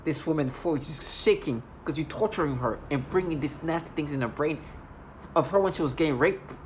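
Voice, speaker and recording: A woman's voice: deep voice, fairly quick, slight background noise. A woman in an agitated, accusatory monologue, rambling and restarting as she vents to the camera. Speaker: video blogger.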